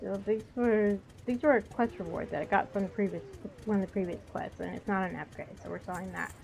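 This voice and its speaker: A woman's voice: mid-range voice, fairly even intonation, brisk, vocal fry, a little mellow. A woman streaming a video game, chatting casually and rambling with frequent hesitations. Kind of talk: casual gameplay commentary. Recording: dull lo-fi with faint noise.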